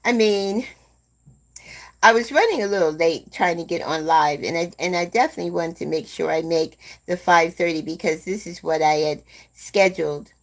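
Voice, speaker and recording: A woman in her seventies hosting a live stream, chatting slowly and gently with viewers and calling them "my dear love.". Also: lowish voice. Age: 70s. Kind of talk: casual chat with live viewers.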